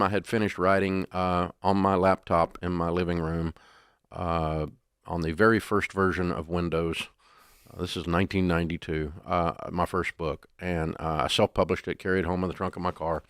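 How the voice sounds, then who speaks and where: A middle-aged man, telling stories in a folksy, animated way as an interview guest. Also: deep voice, normal speed, clean tone, no echo, clean studio sound. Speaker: guest, business founder. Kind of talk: storytelling interview.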